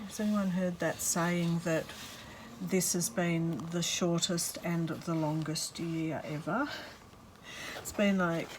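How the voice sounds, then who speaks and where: A woman's voice: fairly low pitch, slight background noise, low-quality recording. A woman chatting casually as she works on a craft journal, rambling and breaking off with fillers. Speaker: craft vlogger. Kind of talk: casual chat while crafting.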